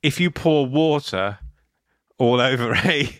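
A man's voice: mid-range voice, animated, slow pace, a bit bright, no room sound, clean studio sound. A man hosting a comedic podcast, rambling and joking in casual chat, often restarting words.

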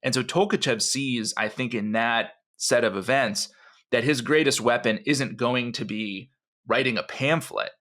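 A man co-hosting a history podcast, telling the story in an animated, conversational way with frequent asides. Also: mid-range voice, a little slow. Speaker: podcast co-host.

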